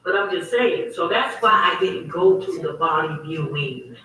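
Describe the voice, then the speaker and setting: A woman's voice: sits low, lively intonation, normal speed, bright, forceful tone, very echoey, recorded from a distance, rough recording. A woman hosting her own online talk show, telling a story in a heated, emphatic, repetitive way. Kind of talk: casual livestream monologue.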